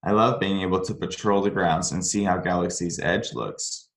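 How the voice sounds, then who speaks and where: A man's voice: low-pitched, steady tone, moderate pace. A man hosting a podcast, reading a listener's scary story aloud in a casual way and breaking off to comment and laugh. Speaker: podcast host. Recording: roomy echo.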